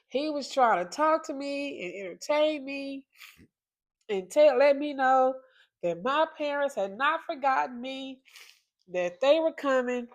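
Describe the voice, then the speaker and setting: A woman hosting a podcast, telling a personal memory in a slow, reflective and emotional way. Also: sits high, lively intonation. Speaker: podcast host. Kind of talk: personal storytelling.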